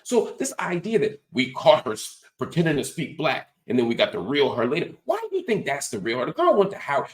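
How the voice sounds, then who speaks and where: Animated, lecturing male commentary host. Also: on the high side, fairly quick, few pauses, reverberant. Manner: emphatic, lecturing with rhetorical questions; frequent "right?" tag questions. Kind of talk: political commentary monologue.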